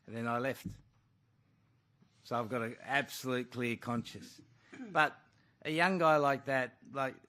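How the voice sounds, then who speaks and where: A rugby coach fielding questions at a press conference, speaking bluntly and casually and calling people mate. His voice is bright and forceful, sitting at a middle pitch for a man. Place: press club room.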